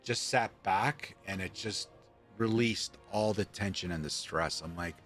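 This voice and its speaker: A man from Canada, a streamer, telling a story in a casual, animated way, acting out quoted lines and swearing casually. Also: low voice, unhurried, soft background music. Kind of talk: casual storytelling while gaming.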